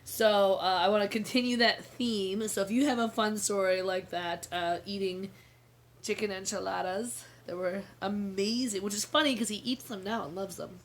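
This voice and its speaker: A woman's voice: mid-range voice, fairly even intonation, normal speed. A woman in her thirties co-hosting a casual chat show, telling stories in a chatty way and laughing often. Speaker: podcast co-host.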